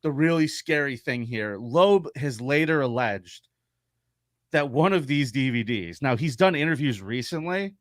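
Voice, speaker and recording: A man co-hosting a podcast, telling a true-crime story in an animated, profane way. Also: medium pitch, measured pace, dry recording, clean studio sound. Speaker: podcast co-host.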